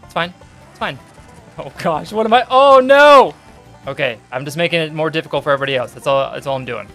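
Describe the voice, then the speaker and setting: A young man from the United States hosting his gaming channel, giving jokey let's-play commentary and bursting into yelps and shouts. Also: mid-range voice, fast, faint music behind.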